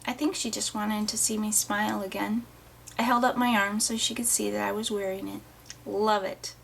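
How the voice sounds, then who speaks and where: A woman's voice: mid-range voice, fairly even intonation, fairly quick, creaky, a bit bright, slight background noise. A woman reading a first-person novel aloud in an audiobook, with plain, unpolished delivery and small restarts. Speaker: audiobook reader.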